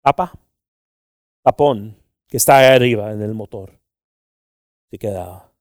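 A man's voice: fairly low pitch, normal speed, no room sound, clean studio sound. A man preaching a sermon, switching between Spanish and English, with many fillers and acted-out quotes from the story. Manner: acts out quoted voices in the story. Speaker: pastor. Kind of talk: bilingual sermon.

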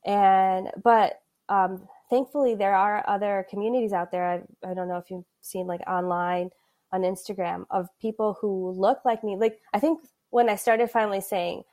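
A woman's voice: medium pitch, steady tone, normal speed, dark tone. Woman, 30s, podcast guest, chatty storyteller, laughs as she talks, mid-range voice. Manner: chatty, frequent "like" fillers, laughs mid-sentence. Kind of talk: casual conversational storytelling.

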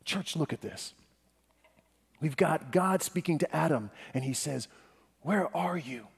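A man's voice: a little high, animated, a little slow, vocal fry, husky. Man preaching with a long church echo. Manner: addresses the congregation directly, swinging between hushed and emphatic. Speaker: pastor. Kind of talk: sermon.

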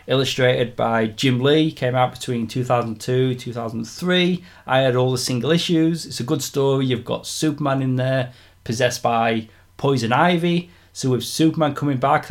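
A man co-hosting a podcast, casually chatting about film news, opinionated and quick to laugh. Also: mid-range voice. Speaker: podcast co-host.

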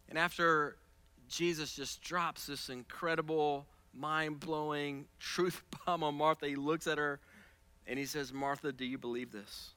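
A man preaching a sermon as pastor, moving from casual, soft asides with repeated words to loud, high-pitched passages. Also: fairly even intonation, unhurried, smooth, dry recording.

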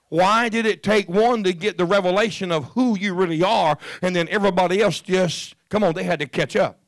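A man with a voice that sits high preaches a sermon, going from quiet scripture reading to shouting. As he gets fired up, he repeats words and restarts, and the recording has no echo.

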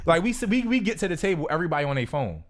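A man in casual chat, talking in quick slang and tagging his lines with "yo". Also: on the high side, very animated. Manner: fast, slangy, ends lines with "yo".

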